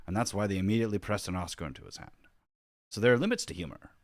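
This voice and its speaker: A man's voice: fairly low pitch, racing, no room sound, lightly acted. A man doing an impression of an indignant older male comedian-rabbi, reading out complaints in an exasperated tone.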